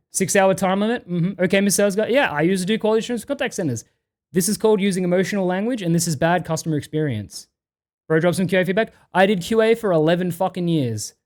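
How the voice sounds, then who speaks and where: A man's voice: high voice, a little mellow. A man streaming, ranting and reading chat messages aloud in a profane, exasperated way.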